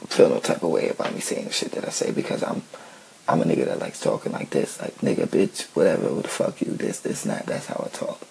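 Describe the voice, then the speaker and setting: A man's voice: sits low, gravelly, a little mellow, slight background noise, low-quality recording. A man ranting casually, blunt and profane, often asking "you know what I'm saying".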